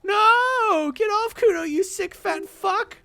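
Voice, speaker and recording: A woman voicing a shrill, scornful young girl, the boy's sidekick in a video game. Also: unhurried, gravelly, exaggerated voice.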